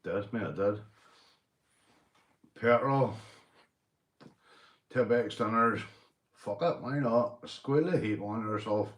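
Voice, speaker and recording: A man's voice: fairly low pitch, slow, pauses often. Boisterous tipsy Northern Irish man. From Northern Ireland. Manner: boisterous, sweary, laughing a lot. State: tipsy from beer. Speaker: livestream host. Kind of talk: rambling casual livestream chat. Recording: echoey room.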